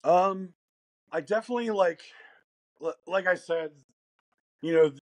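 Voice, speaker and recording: Rambly american guy in an interview, husky voice, laughs a lot, dead dry sound. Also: high voice, a little slow, no echo. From United States. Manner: laid-back, rambling, laughs often. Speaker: guest musician. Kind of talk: casual interview chat.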